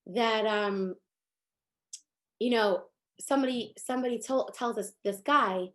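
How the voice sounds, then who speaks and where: A woman giving a casual Torah class, animated, acting out the people in her stories and rising in pitch and force to stress her points. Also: a little slow. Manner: acts out the people in her stories with quoted speech. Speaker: Torah teacher.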